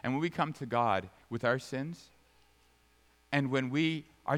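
A man preaching a sermon, swinging from sudden high, loud bursts to soft, low asides. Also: moderate pace. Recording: long reverb of a large hall.

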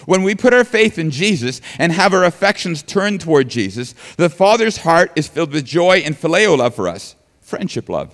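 A man's voice: a little high, sing-song, moderate pace, hardly any pauses, fairly bright tone, big-room sound. A man preaching a sermon earnestly, building emphasis and sometimes restarting his words. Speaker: pastor.

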